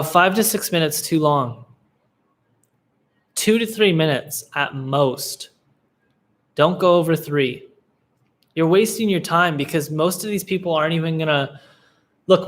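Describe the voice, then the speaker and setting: Laid-back man answering live questions. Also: fairly high pitch. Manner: laid-back, relaxed, with many fillers and restarts. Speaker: livestream Q&A host, agency coach. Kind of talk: casual live Q&A advice.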